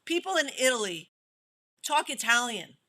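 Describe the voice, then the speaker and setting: A middle-aged woman film director talking in a casual interview, animated, often laughing and restarting her sentences. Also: on the high side, normal speed.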